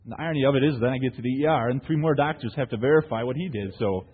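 Racing along in a husky, medium-pitched voice, a pastor preaches to his congregation, telling stories and posing rhetorical questions peppered with "right?" The church hall recording carries long reverb and a thin, phone-like quality.

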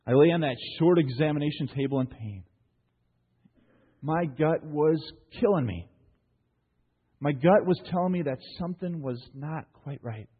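A male pastor delivers a sermon in a husky, fairly high voice. He poses question after question to the congregation and tags his stories with "right?". The sound is thin and phone-like, with a long reverb tail from the hall. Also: normal speed, pauses often. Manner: asks the congregation rhetorical questions; animated storyteller with frequent "right?" tags. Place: church hall.

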